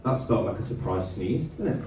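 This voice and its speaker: A man with a fairly low, expressive voice performs stand-up on a comedy club stage before a live audience, doing chatty crowd work and quick asides between jokes. He uses a handheld stage microphone, and the recording is far-off and echoey, with noise.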